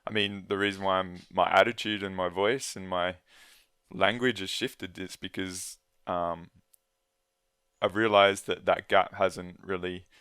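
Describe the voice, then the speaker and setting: Low, smooth-voiced earnest man. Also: flat delivery, fairly bright tone, no room sound, clean studio sound. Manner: earnest, halting, with many restarts. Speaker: guest. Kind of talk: casual conversation.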